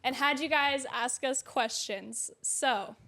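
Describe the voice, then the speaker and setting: Young female podcast host, high voice, relaxed chatty delivery. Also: takes it slowly. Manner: chatty, many fillers. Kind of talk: casual chat.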